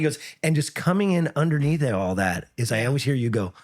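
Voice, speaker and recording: A middle-aged man, an MMA coach and former comedian, chatting on a podcast, telling animated stories and breaking into loud, high quoted voices. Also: fast talker, few pauses. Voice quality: often breaks off and restarts sentences. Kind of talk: casual podcast chat.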